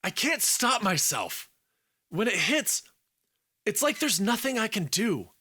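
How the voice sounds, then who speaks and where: A man voicing a tormented young man, high and strained. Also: very animated, slow pace, pushed and bright, slightly rough, exaggerated voice. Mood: anguished. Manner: strained, pleading. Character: anguished young man fighting inner rage.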